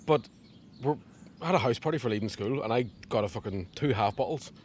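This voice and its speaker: A man's voice: medium pitch, fairly quick, a little hiss or hum. A man, a comedian guest telling jokey stories in a casual chat, swearing freely. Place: garden outdoors.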